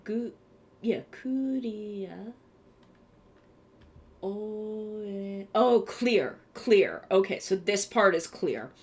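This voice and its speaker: A young adult woman chatting casually on a live stream, excitable and swearing, with bursts of gushing. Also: medium pitch, slow.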